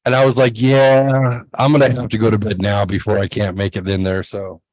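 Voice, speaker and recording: Animated storytelling man, dry mic. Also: lowish voice, a little fast, dry recording, low-quality recording. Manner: animated, acts out quotes in a raised voice. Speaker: podcast co-host. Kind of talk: casual storytelling chat.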